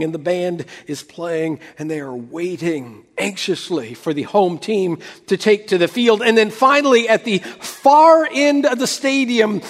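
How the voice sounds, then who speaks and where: A man preaching a sermon as pastor, building dramatically and then dropping to a near hush. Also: high voice, in a large hall.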